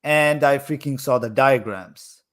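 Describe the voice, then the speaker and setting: A man's voice: mid-range voice, a little slow. A young man in his own voice, the guest on a live chat, telling stories animatedly and leaning heavily on "like" as a filler. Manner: animated, heavy use of "like" fillers. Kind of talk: casual storytelling in a live chat.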